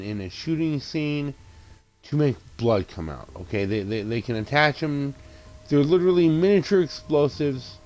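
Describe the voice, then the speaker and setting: A man talks through a horror movie he just watched in a loose, unscripted recap. He swears freely, stumbles and restarts his sentences, and slips into quick acted-out bits of what the characters said. His voice sits at an ordinary middle pitch. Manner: excitable, profane retelling with frequent restarts and acted-out quotes. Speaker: movie reviewer. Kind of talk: casual spoken movie recap.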